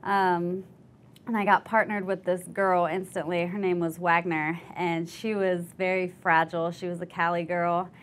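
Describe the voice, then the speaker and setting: A young woman veteran telling her story in an oral history interview, candid and animated, acting out the voices of others. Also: on the low side, normal speed, slight background noise. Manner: candid storytelling, acts out quoted voices, laughs easily.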